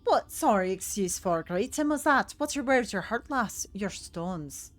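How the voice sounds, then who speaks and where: A woman's voice: mid-range voice, expressive, a little slow, soft background music, natural voice. A woman voicing a blustery, bossy male dwarf with a put-on Scottish accent. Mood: scolding. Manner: bossy, scolding.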